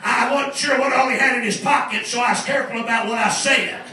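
A middle-aged man preaching a sermon as a story, exuberant, laughing often and breaking into shouted praise. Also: very high voice, steady tone, fast. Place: large church hall. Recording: echoey church, distant mic, congregation. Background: congregation responding.

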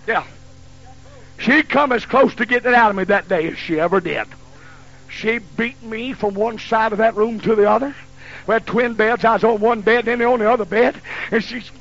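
Preacher in his 50s, high bright gravelly voice, folksy fiery sermon, lo-fi church tape. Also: normal speed, long pauses. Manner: folksy storytelling. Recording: lo-fi recording with faint hum.

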